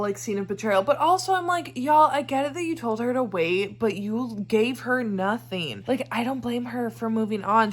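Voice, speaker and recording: A young woman chatting casually in a reading vlog, emotional and rambling, swearing and laughing between thoughts. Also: mid-range voice. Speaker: book vlogger.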